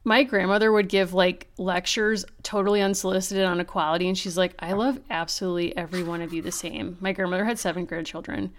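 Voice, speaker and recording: A woman co-hosting a podcast in casual chat. She is animated and sarcastic, and she acts out the people she quotes. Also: on the low side, fast talker, hardly any pauses. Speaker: podcast co-host.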